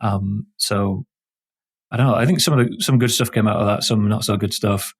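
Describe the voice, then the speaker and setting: A man with a Yorkshire accent talks things through as a podcast guest, in a fairly low voice. He is thoughtful and halting, often restarting mid-sentence in a casual chat. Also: slightly rough. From Yorkshire, England. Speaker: game developer guest.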